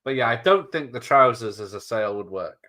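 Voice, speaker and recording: A man casually commenting on a movie during a live watch-along, jokey and quick to laugh, describing what happens on screen. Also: medium pitch, expressive, bright, forceful tone.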